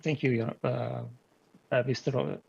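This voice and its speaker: A man defending himself at a hearing, talking in a halting, hesitant, polite way over a video call. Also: medium pitch, fairly even intonation, creaky, dull audio, a little hiss or hum. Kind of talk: hearing testimony.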